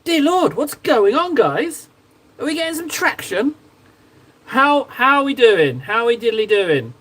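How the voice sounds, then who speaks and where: A man's voice: extremely high pitch, very animated, slow, long pauses, a bit bright. A man hosting a casual livestream, reading chat aloud with playful, self-mocking banter. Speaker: livestream host painting miniatures.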